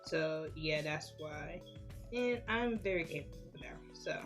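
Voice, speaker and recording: A woman's voice: low voice, unhurried, faint music behind. A young woman, chatting casually about her school years while doing her makeup. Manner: chatty, animated when retelling stories. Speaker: beauty vlogger.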